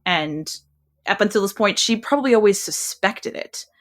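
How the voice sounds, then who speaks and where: A woman co-hosting a podcast in casual chat, rambling and animated, restarting sentences as she goes. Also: mid-range voice, normal speed. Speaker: podcast co-host.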